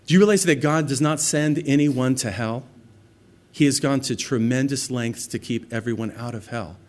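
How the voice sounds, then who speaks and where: A man preaching a sermon in a mid-pitched voice. He reads scripture with rising force and falls to a hushed, earnest tone for personal appeals. His talk is conversational between the swells. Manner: expressive preaching, rising loud on scripture, dropping soft for intimate points. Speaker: pastor.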